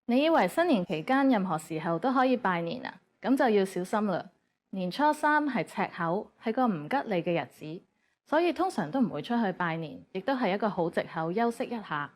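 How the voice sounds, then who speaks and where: A woman giving scripted educational narration in a brisk, even tone. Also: medium pitch.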